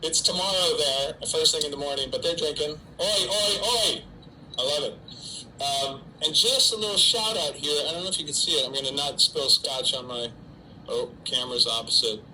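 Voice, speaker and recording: A man's voice: a little high, brisk, pushed and bright, a little hiss or hum, rough recording. A middle-aged man, an actor, chatting casually and joking at his own expense on a live stream from home, answering fans' typed questions. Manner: chatty, self-mocking, talks to an unseen audience. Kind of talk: casual solo livestream chat. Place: home during quarantine.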